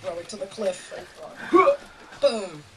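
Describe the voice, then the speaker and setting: A woman's voice: medium pitch, slow. A woman in her thirties performing stand-up comedy on a small club stage, chatty and self-mocking, with lots of ums. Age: 30s. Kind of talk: live stand-up comedy set. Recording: noisy live club with loud crowd.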